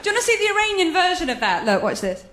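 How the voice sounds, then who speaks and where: A woman doing a stand-up set, animated and wry, often mimicking other people. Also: very high voice, very fast, roomy sound, crowd noise, noisy background. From London, England. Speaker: stand-up comedian.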